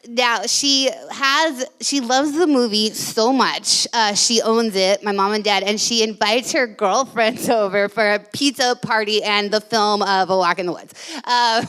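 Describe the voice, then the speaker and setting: A woman's voice: fairly high pitch, a bit bright, smooth. A woman telling a comic story on stage, rambling and giggling through it. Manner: rambling and giggly, full of restarts. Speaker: storyteller guest. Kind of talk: live comedic storytelling.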